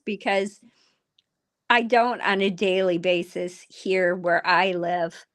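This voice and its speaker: A middle-aged woman with a Minnesotan accent, chatting casually as a voice actor on a video call, chatty and quick to laugh. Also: mid-range voice, fairly even intonation. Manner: chatty, laughs often, puts on voices when quoting. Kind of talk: casual chat.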